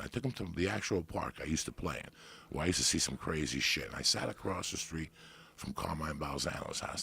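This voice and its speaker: Gravelly, profane New man. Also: extremely low pitch. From New Jersey. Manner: animated, profane storyteller. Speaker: podcast guest. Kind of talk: casual storytelling.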